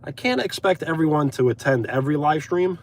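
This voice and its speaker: A man's voice: a little high, expressive, brisk. A young man from Brooklyn, chatting casually on a live stream from his car, thanking viewers by name. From Brooklyn, USA. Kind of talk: casual live stream chat reading comments. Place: inside a car.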